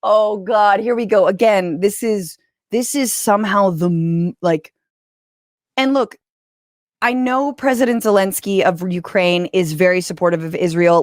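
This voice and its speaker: A woman's voice: on the low side, darkish tone, no room sound, clean studio sound. A woman comedian and commentator in a televised debate, full of sarcastic, mocking asides.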